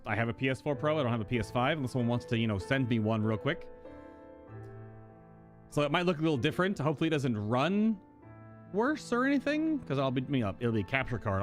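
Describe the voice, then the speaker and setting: A man streaming a video game, chatting casually and rambling to his viewers. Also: medium pitch. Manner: chatty, rambling, talks to chat. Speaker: gaming streamer. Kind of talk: casual gameplay commentary.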